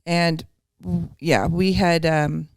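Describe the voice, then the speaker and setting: A woman's voice: on the low side, steady tone, slow, no room sound, clean studio sound. A woman co-hosting a podcast in a casual chat, laughing easily and jumping in to finish the story. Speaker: podcast co-host.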